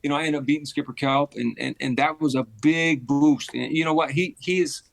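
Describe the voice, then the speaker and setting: A man in his fifties with a gravelly, creaky voice recalls his fights as an interview guest, with a lot of animated repetition. His voice sits at a middle pitch and is recorded dry and close, with no room around it. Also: brisk, no echo. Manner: animated storyteller who repeats phrases for emphasis. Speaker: former boxing champion, guest. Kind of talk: casual interview storytelling.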